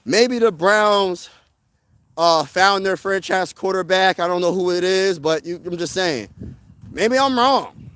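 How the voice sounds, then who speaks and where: A man hosting a casual sports talk stream outdoors, answering his chat in an excitable, slangy way and repeating himself for emphasis. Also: high-pitched, unhurried, smooth, dry recording, poor audio. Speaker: sports channel host. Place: outdoors, windy.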